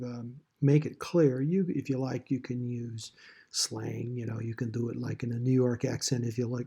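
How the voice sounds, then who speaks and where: A man teaching a Bible study lesson in a relaxed, rambling way, full of fillers and restarts. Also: medium pitch, gravelly, slightly rough. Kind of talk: recorded lesson walkthrough.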